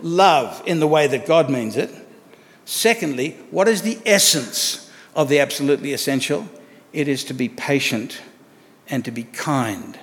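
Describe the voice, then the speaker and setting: A man's voice: medium pitch, animated, unhurried. Man preaching in a reverberant hall. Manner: conversational preaching with rhetorical questions. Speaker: pastor. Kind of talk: sermon.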